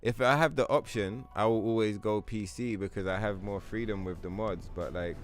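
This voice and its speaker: A man with a lowish voice, speaking at normal speed, hosts a game livestream. He tells rambling, profanity-filled stories and chats casually with his viewers.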